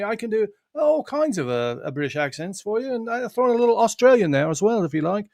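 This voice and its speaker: A man hosting an online live stream, chatting loosely with guests, laughing often and filling pauses. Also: sits high, very animated, a little mellow, no echo, clean studio sound. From United States. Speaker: host and author. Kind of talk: casual live stream chat.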